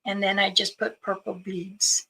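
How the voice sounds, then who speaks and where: Chatty woman with a gravelly, bright voice. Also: mid-range voice, flat delivery, unhurried, slight background noise, low-quality recording. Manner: chatty storytelling, greeting viewers. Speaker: livestream host. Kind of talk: casual livestream chat.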